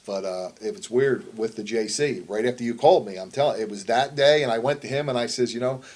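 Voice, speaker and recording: A man's voice: mid-range voice, brisk, a little mellow. A middle-aged man, a wrestler and promoter, telling a story in a shoot interview. He speaks bluntly, swears constantly and rambles. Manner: blunt, heavily profane, rambling.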